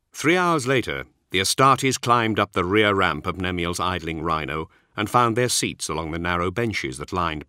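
Deep-voiced male audiobook narrator. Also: bright, forceful tone, dry recording, clean studio sound.

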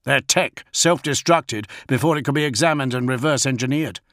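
A man's voice: mid-range voice, moderate pace, fairly bright tone, no room sound, clean studio sound, pitched above the performer's own voice, close to an everyday voice. A man voicing a stern, dutiful male guard commander who speaks formally and firmly, as an audiobook character voice. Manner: formal, firm, owning the blame.

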